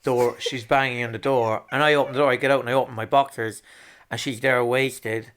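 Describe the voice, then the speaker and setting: A man around forty speaks at an ordinary middle pitch. He tells stories in a loose, profane way, acting out quotes with lively energy. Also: a little fast, slight background noise. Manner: swears freely, animated, acts out quotes. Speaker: guest. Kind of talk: casual storytelling chat.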